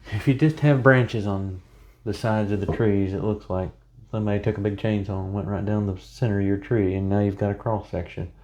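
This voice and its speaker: A man's voice: fairly low pitch, fairly even intonation, a little fast, darkish tone. A man chatting casually through a painting tutorial, rambling into self-joking asides as he works. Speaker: painting instructor.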